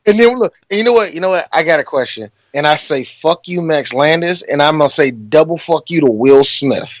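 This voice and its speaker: Animated, joking man reviewing a movie. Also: on the high side, brisk, no room sound. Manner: animated, joking, profane, lots of laughter. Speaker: podcast co-host. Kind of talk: casual movie review chat.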